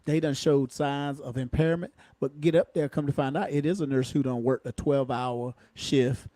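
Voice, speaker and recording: A man's voice: mid-range voice, steady tone, normal speed, mellow, no echo. A man who is a retired police officer and comedian, telling folksy patrol stories in casual podcast chat. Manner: folksy, Southern-flavored slang, chuckles at his own stories.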